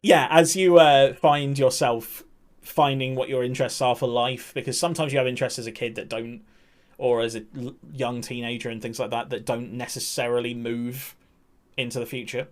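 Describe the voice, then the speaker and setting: A man's voice: mid-range voice, steady tone, normal speed. A young man chatting candidly and rambling on a live stream, swearing and laughing often. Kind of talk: casual chat.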